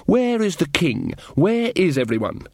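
A man voicing a cheerful young woman, a queen wielding an axe, who talks in a bright, matter-of-fact way. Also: a little high, sing-song, unhurried, no room sound, clean studio sound, voice pushed up, full character voice. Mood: cheerfully menacing.

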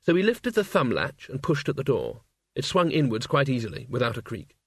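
A man reads an audiobook in a measured, wry storyteller's voice. His pitch sits in an ordinary middle range. The recording is dry and close, with no room sound. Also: huge pitch swings, slightly rough, dry recording. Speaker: narrator. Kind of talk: audiobook narration.

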